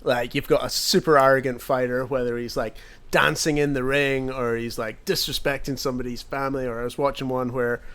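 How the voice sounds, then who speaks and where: Wry, relaxed man chatting casually. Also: mid-range voice, fairly quick, hardly any pauses. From Ireland. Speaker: podcast co-host. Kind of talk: casual chat.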